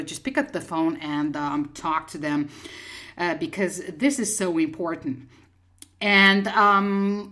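A woman's voice: medium pitch, a bit bright. Emphatic woman giving business advice. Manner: emphatic, keeps checking in with "okay?". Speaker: business coach. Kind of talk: advice to a listener.

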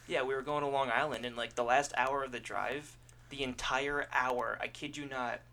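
A man hosting a casual podcast, asking questions and chatting in a quick, easygoing way. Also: medium pitch, fairly even intonation, vocal fry, pushed and bright. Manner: quick, chatty, laughing easily. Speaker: podcast host.

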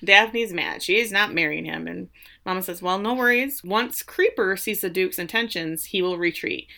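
A woman's voice: mid-range voice, moderate pace, creaky, bright, forceful tone. A woman co-hosting a casual podcast, recapping a TV episode in a wry, sarcastic way with mock voices for the characters. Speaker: podcast co-host.

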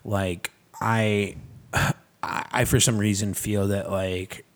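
A man in casual podcast chat who swears freely and tells animated stories, acting out what other people said. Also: on the low side, takes it slowly. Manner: profane, animated storytelling with acted-out quotes. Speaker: podcast guest, nonprofit founder.

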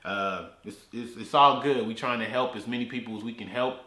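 A man's voice: mid-range voice, brisk, pushed and bright. A man hosting his own podcast, rambling casually and often repeating words and restarting sentences. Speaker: podcast host. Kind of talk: casual solo podcast talk. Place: his garage. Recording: echoey garage.

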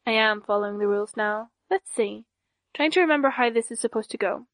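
A woman reads an audiobook character voice: a young villainess who shows no emotion, giving every threat in a flat deadpan. The voice is fairly high and a little fast, recorded close and dry.

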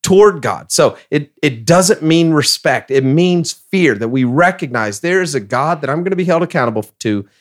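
A man's voice: on the high side, expressive, normal speed, hardly any pauses. A man who is a pastor, talking emphatically in a casual podcast discussion and reading scripture passages aloud.

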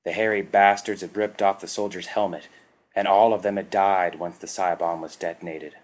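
Male narrator, measured and dramatic, low voice, story reading. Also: fairly even intonation. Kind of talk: scripted narration.

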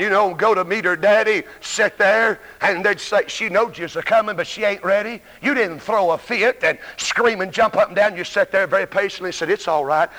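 A man's voice: high voice, sharp tone. A man with a Southern American accent preaching an emphatic revival sermon to a church congregation, stammering on restarts and calling out to his listeners. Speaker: evangelist preacher. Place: church sanctuary. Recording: live church recording with long reverb.

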